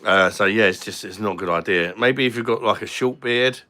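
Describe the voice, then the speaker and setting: Guy chatting on his livestream, bright edgy tone, laid back, swears a bit. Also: on the low side, a little fast. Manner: chatty and jokey, swears casually. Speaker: live-stream host. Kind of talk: casual live-stream chat, reading comments.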